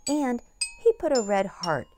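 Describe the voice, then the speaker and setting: A middle-aged woman narrating a children's story in a gentle, sing-song read-aloud manner. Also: a little high, very animated, unhurried, over loud music. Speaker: narrator and producer.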